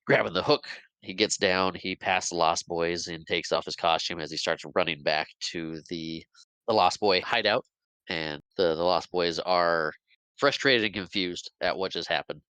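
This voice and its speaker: A deep-voiced man hosts a casual podcast and walks through a film scene by scene. His voice is smooth and clear with a bright edge, and he jumps into little impressions of the characters between laughs. The sound is dry and close. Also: dry recording. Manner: animated retelling, acts out quotes, laughs often. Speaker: podcast host. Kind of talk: casual movie recap chat.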